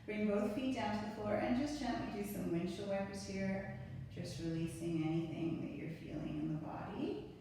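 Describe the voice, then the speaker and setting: A woman teaching a yoga class, gently cueing breaths and stretches in a calm, steady way. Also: medium pitch, moderate pace, a little hiss or hum. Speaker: yoga instructor. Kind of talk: guided yoga instruction. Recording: echoey room from far off, faint ambience.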